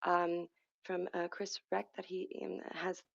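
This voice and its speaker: A woman's voice: on the low side, flat delivery, slow pace, gravelly, muffled recording. A woman, a hypnotherapist and energy healer, speaking as a podcast guest in a rambling way, often restarting and correcting herself. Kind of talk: casual conversational interview.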